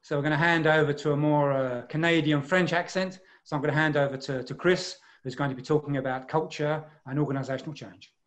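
English-accented male presenter, clear precise explainer, slightly high voice, video-call seminar. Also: fairly even intonation, fairly quick, few pauses.

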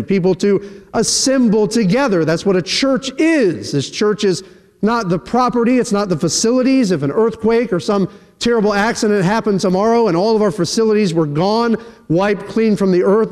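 Middle-aged guy preaching in a big church, high voice, lots of reverb, acts out little voices for the people he quotes. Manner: animated, acts out quoted dialogue with shifting pitch. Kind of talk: sermon. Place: church sanctuary. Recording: long hall reverb.

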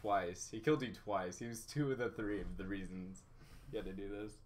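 A man's voice: lowish voice, a little fast, a little mellow. A young man hosting a casual gaming chat, teasing his friend and laughing often while his lips burn from hot sauce. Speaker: channel host. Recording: faint background noise.

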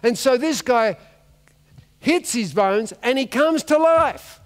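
The pastor's very high voice is animated but slow-paced as he preaches. He performs a Bible story with comic energy, voicing the characters, while the large church hall adds long reverb to the recording.

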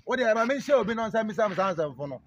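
A Ghanaian man with a high voice answers a street interviewer, protesting indignantly and laughing between his replies. Clear street noise runs under the recording. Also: lively intonation, rapid-fire, lo-fi sound. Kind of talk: comic street vox pop.

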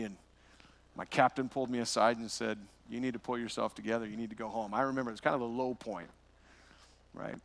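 A man's voice: medium pitch, gravelly, fairly bright tone. A man preaching a verse-by-verse sermon as pastor, telling a personal story with rhetorical questions.

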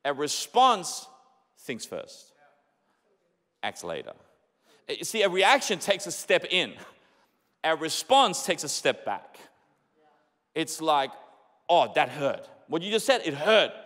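A young man preaching a sermon as pastor, animated and conversational, repeating his points with many rhetorical questions. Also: on the high side. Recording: echoey hall.

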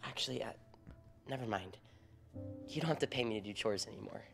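A man's voice: fairly low pitch, a little fast, creaky, fairly bright tone, faint music behind. A young man playing a remorseful son in a short moral drama, speaking earnestly and apologetically. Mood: apologetic. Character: remorseful son learning a lesson.

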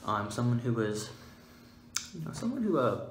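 A man hosting a mock-scientific comedic vlog, playful and goofy, giggling and breaking into sudden loud, high outbursts. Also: big pitch swings, normal speed. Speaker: vlogger. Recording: roomy echo, faint background hiss.

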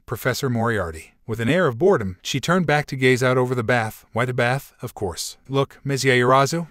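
A man reads a fan fiction story aloud in an even, formal manner, taking every line of dialogue in the same voice. His voice sits at a middling pitch, and the recording is dry with no room sound. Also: no echo. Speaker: narrator. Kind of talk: scripted fan fiction narration.

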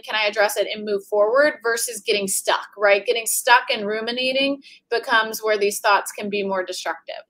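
A woman's voice: fairly high pitch, bright, forceful tone. A woman moderating an online panel, upbeat and affirming as she reads out audience questions.

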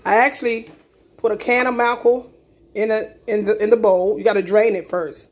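A woman's voice: medium pitch, steady tone, a little fast. Chatty woman teaching a home cooking recipe. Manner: chatty, repeats herself, lots of "okay?" asides. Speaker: cooking video host. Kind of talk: casual cooking demonstration. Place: home kitchen.

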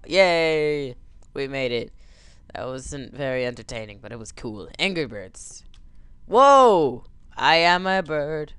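Young guy yelling and joking over a game, slow drawl but swoops up and down a lot. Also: medium pitch, clear, resonant tone, no room sound. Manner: excitable, jokey, yelps and cheers at the action. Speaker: gameplay commentator. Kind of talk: let's play commentary.

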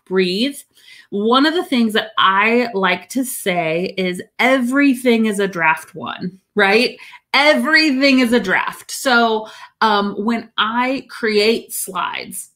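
A woman's voice: mid-range voice, lively intonation, slow pace, fairly bright tone. A woman business coach teaching in a casual, upbeat livestream, full of fillers and "right?" check-ins. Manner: upbeat, chatty, many "right?" tags and fillers.

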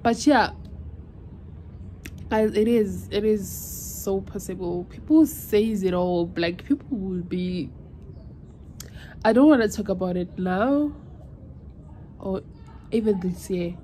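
A woman's voice: mid-range voice, animated, takes it slowly, long pauses, dark tone, a little hiss or hum. A South African woman in her twenties chatting casually in a vlog, emotional and switching languages mid-sentence. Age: 20s. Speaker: vlogger.

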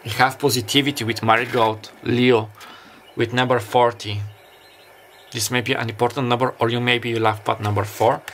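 A man with a medium pitch and a flat, slightly bright delivery does a pick-a-card tarot reading. He speaks haltingly and reflectively, with plenty of fillers and false starts. Gentle summer beach ambience and slight noise are audible behind him.

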